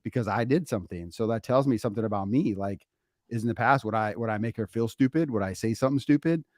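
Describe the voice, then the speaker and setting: A middle-aged man co-hosting a podcast, telling a story in a casual, animated way and laughing often, recorded on a close mic. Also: on the low side, fast talker, no echo. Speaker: podcast co-host, father.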